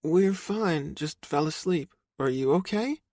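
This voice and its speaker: A man voicing a gentle, drowsy young woman in an audiobook, his voice pitched far up. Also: animated, unhurried, no echo, studio quality. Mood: sleepy tender. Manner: soft, drowsy. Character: sleepy soft-spoken young woman, gentle.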